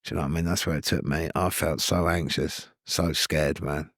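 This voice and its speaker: A low-pitched man talks openly as a podcast guest. His speech is earnest and loose, full of asides and "you know what I mean". The sound is dry and close, with no room around it. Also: steady tone, normal speed, fairly bright tone, no echo. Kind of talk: casual candid storytelling.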